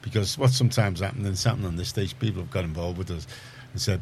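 A man's voice: low-pitched, fast talker, creaky, slight background noise. A man from Liverpool with a Scouse accent, hosting a community radio show and chatting in a rambling way with lots of restarts. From Liverpool, England. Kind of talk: casual studio chat. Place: radio studio.

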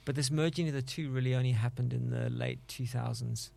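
Fast-talking gravelly man in his fifties. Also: medium pitch, fairly even intonation, darkish tone. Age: 50s. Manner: quick, casual, lots of "like" and "you know". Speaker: musician guest. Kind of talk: casual conversation.

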